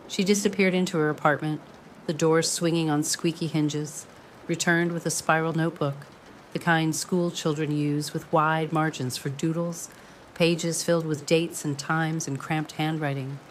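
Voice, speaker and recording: A woman reading a dramatic story in a measured, ornate storytelling manner. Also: sits low, steady tone, a little hiss or hum. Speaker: narrator. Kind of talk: scripted drama narration.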